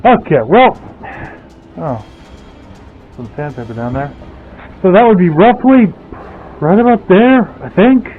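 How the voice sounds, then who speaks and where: A man narrates his workshop project in an unhurried, meandering way, thinking out loud as he goes. His voice sits a little high. It comes through a tinny, phone-like headset sound with faint music in the background. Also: very animated. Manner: rambling, thinking aloud. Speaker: blacksmith vlogger. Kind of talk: casual workshop commentary.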